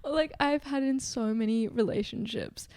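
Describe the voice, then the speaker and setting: A young woman talks candidly on a podcast, quick to laugh. The recording is dry, with no room sound. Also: on the high side, darkish tone, clean tone, no echo. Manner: candid, chatty, laughs often. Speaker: actress guest. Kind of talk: casual podcast conversation.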